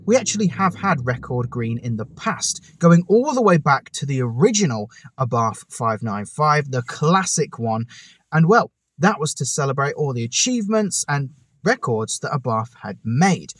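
A man's voice: medium pitch, no room sound. A man hosting his own car channel, talking casually to camera outdoors, enthusiastic and full of chatty asides. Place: outdoors on a hot day. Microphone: camera on a tripod.

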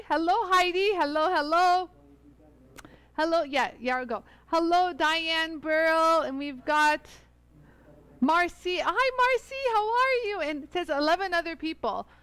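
Woman, livestream host, high voice, chatty, effusive, dry close sound. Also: dry recording. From Los Angeles area. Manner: chatty, effusive, animated greetings. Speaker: livestream host demonstrating jewelry tools. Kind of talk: casual live chat greeting viewers. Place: studio bench under bright lights.

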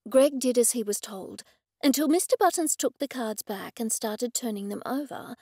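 A woman narrating a cozy mystery audiobook in the first person, with steady, even storytelling. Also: fairly high pitch, moderate pace, husky, no echo, clean studio sound.

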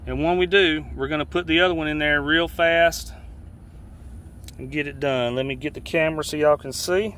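Standing outdoors next to a boat, a Georgia fishing guide with a Southern drawl gives a casual how-to on a repair, restarting and repeating himself in an easygoing, homespun way. He speaks at a moderate pace in a voice slightly higher than typical for a man, with faint noise in the background.

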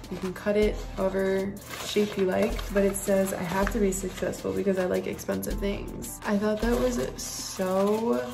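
A woman rambling through a casual haul vlog, saying \"like\" at every turn. She sounds worn out but keeps chatting. Her voice sits in an ordinary middle pitch, and loud music plays underneath. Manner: chatty, filler-heavy, \"like\" constantly. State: tired. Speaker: haul vlogger and mother. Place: at home.

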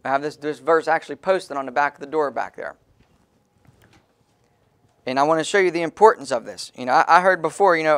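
A man's voice: a little high, fairly quick, pauses often, fairly bright tone. A man preaching an emphatic sermon as pastor in a small church, calling on the congregation to read verses aloud.

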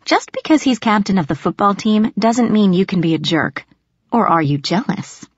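A woman voicing a quick-tempered teenage farm girl who answers back indignantly. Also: medium pitch, expressive, breathy edge, dry recording. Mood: defensive. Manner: indignant, snappish. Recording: dry, slightly muffled.

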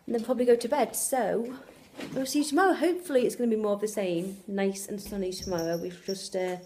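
A woman doing a casual family travel vlog rambles and corrects herself while filming with a handheld camera, both outdoors at a beach and at home. She speaks quickly in a mid-range, darkish voice, with a little hiss or hum.

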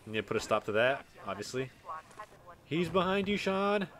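A young man from Texas giving live commentary on a shooter game, excitable, swearing and yelling at enemies. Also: a little high, moderate pace, a little hiss or hum. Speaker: gaming streamer.

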